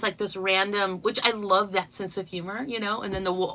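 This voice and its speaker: A woman hosting a casual livestream, chatting excitedly with her viewers and laughing as she talks. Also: medium pitch, moderate pace. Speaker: channel host.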